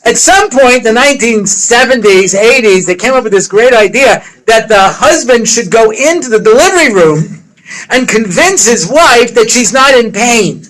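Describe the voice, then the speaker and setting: A rabbi with a notably high voice tells funny stories to his listeners. He is a middle-aged man who talks in a loose, chatty way, full of quips and side remarks. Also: animated, moderate pace, a bit bright, rough recording. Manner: joking, conversational, full of asides and quips. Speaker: rabbi giving a lecture. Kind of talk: humorous storytelling lecture.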